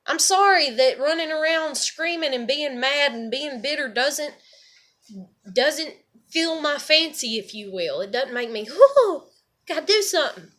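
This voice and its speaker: A woman's voice: high-pitched, measured pace, bright, forceful tone. A woman rambling casually to camera, swearing freely and leaning on "you know" and "like.". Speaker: vlogger.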